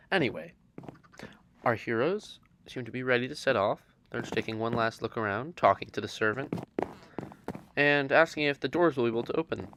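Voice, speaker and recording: A man narrating a video game adventure in a deliberate, deadpan monotone narrator voice. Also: mid-range voice, background noise. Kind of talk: comic gameplay narration.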